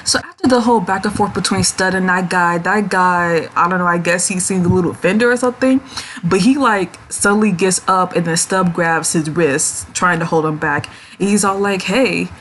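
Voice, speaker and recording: A woman's voice: on the low side, normal speed, a bit bright, slight background noise. A woman reviewing episodes of a series in a casual, chatty way, giggling often and acting out the characters' lines. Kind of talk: casual recap vlog.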